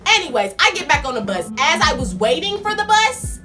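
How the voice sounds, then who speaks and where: Young woman vlogger, lively slangy storyteller, higher voice, music underneath. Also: a little fast. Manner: animated, slangy, acts out her own lines. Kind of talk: casual storytime.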